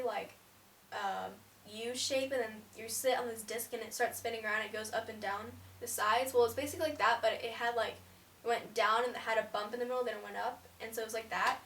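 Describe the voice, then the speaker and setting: A high-voiced teenage girl chats through a rambling story for her vlog, sprinkling "like" everywhere. She sits back from the mic in a room with plenty of echo. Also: fairly bright tone, recorded from a distance, a little hiss or hum. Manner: chatty, rambling, fillers of "like". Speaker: vlogger. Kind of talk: casual storytelling. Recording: roomy, away from the mic.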